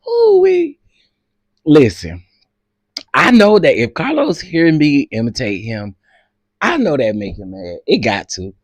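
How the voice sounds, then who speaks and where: A man's voice: medium pitch, wildly swooping pitch, unhurried, dry recording. A man hosting casual commentary, talking in a slangy, teasing way with features and frequent bursts of laughter. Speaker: commentary host.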